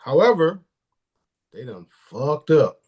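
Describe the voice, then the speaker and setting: A man's voice: on the high side, very animated, takes it slowly, darkish tone. A man speaking as a guest in a casual live-stream interview, blunt and profane, often restarting his sentences.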